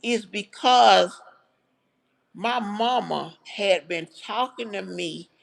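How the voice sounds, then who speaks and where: A woman's voice: medium pitch, slow pace, creaky. A woman hosting a livestream, telling a personal story to her viewers in a heartfelt, chatty way. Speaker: livestream host. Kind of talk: casual livestream storytelling to chat.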